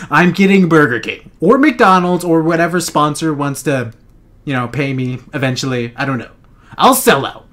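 A young man rambles through let's play commentary, joking, swearing and laughing at his own lines. His voice sits a little higher than most men's. The talk is loose and casual, addressed to viewers. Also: a bit bright. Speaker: gaming channel host.

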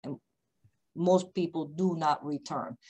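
A woman who founded a company, speaking on a video call panel with emphatic, deliberately slow, repetitive points. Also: low-pitched, darkish tone, husky, poor audio. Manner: emphatic, repeats key points, speaks slowly on purpose.

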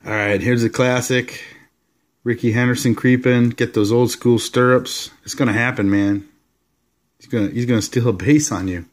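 A man casually showing off his collection of sports cards, rambling along with relaxed, enthusiastic asides. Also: mid-range voice, moderate pace. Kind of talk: casual card-showing vlog.

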